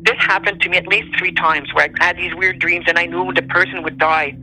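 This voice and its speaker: A woman's voice: fairly low pitch, fairly quick, slight background noise, low-quality recording. A woman from Montreal, a native French speaker with a Quebec French accent, telling a personal story with emotion. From Montreal, Canada. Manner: emotional, animated, voice rising on quoted speech. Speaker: storyteller guest.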